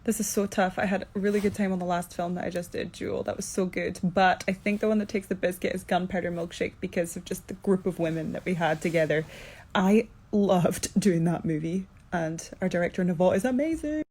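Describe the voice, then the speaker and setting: Scottish actress, sleepy low-key fan Q&A, chatty and relaxed, indoor room. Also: female voice, fairly quick, slight background noise. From Scotland. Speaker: actress answering fan questions. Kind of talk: casual Q&A chat. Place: indoor room during quarantine.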